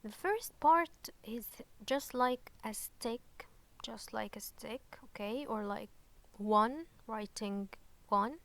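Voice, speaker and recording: A woman teaching an online lesson, patient and unhurried, checking in often with "okay?" and pausing on fillers. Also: a little high, gravelly, a bit bright. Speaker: Arabic teacher.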